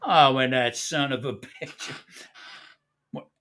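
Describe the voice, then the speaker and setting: A bright, forceful-sounding man hosting a casual live stream. He spins a long, profane anecdote, laughing often between lines. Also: medium pitch, slow pace. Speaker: host.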